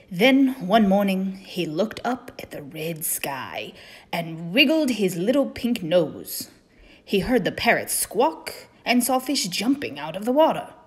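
A woman's voice: medium pitch, husky. A woman reading a children's storybook aloud, with a playful pirate-themed delivery.

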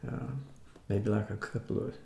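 A man's voice: fairly low pitch, flat delivery, normal speed, vocal fry, warm tone. A man in his seventies from the United States, showing off his groceries in a rambling, folksy way with mildly skeptical asides. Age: 70s. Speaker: food vlogger. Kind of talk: casual grocery haul show-and-tell.

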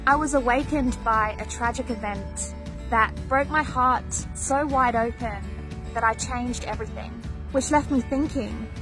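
Brief: woman coach, somewhat high voice, earnest and emphatic motivational read, clear music bed behind. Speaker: business coach. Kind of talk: motivational voice-over.

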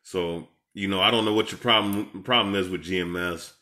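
A man's voice: deep voice, fairly even intonation, moderate pace, bright, forceful tone. A man giving heated, profane reaction commentary as an online preacher, confronting and scolding his rivals. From Seattle, USA.

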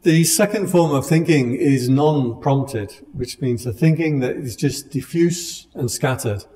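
A man leads a meditation class in a calm, conversational dharma talk. His voice is mellow and soft-edged, with a gently humorous manner. The sound carries a long, lingering hall reverb. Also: mid-range voice, unhurried. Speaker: meditation teacher.

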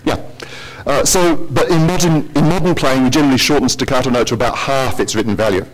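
A man's voice: medium pitch, fast. A man presenting a technical conference talk in a lecture hall, with joking asides to the audience.

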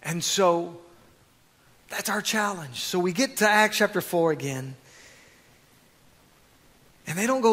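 A man preaching a sermon as pastor, swinging from quiet asides to loud, fervent exhortation. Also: sits high, slow, long pauses, big-room sound.

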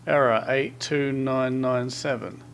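Man, gravelly voice, horror game commentary, muttered asides, notes read aloud fast, faint hum behind. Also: mid-range voice, fairly even intonation, fairly bright tone. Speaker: gameplay commentator.

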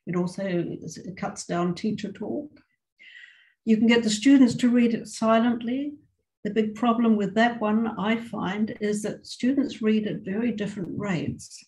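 Guest lecturer, woman, slight vocal fry, loose off-the-cuff delivery full of restarts. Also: mid-range voice, warm tone, low-quality recording. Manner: informal, thinking aloud with frequent restarts. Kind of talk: online teacher-training lecture.

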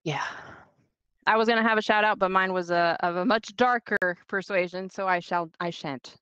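A woman's voice: medium pitch, normal speed, a bit bright, clear, resonant tone, dry recording, muffled recording. A woman co-hosting a live stream talk show in casual chat, laughing often and swearing freely.

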